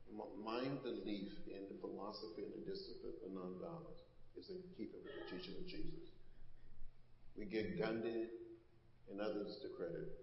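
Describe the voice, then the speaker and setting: A man in his seventies, a congressman, answering questions on stage in slow, earnest, measured stories. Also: lowish voice. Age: 70s. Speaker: congressman and guest. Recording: dull, echoey hall.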